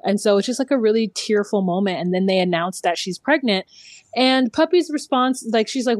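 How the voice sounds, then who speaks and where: A woman's voice: mid-range voice, a little fast, no room sound. Chatty opinionated woman, dry close sound. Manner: chatty, opinionated, heavy use of "like". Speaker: podcast co-host. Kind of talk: casual TV recap chat.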